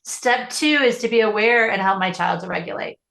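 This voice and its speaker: A woman's voice: mid-range voice, fairly quick, gravelly, a bit bright, reverberant. A woman parenting coach answering interview questions in an earnest, explanatory way, often restarting her sentences.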